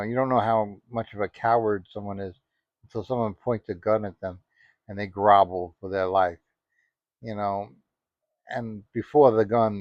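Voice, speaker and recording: A man's voice: on the low side, no echo. A man giving casual spoken commentary, rambling and indignant, full of "you know" asides. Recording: dry, dull lo-fi audio.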